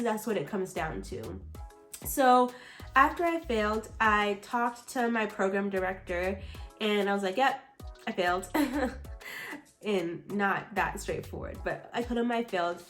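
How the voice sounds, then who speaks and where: A young adult woman, a medical resident, talking candidly and with feeling about a personal setback in a vlog. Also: a little high. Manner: candid and emotional, frequent likes and pauses.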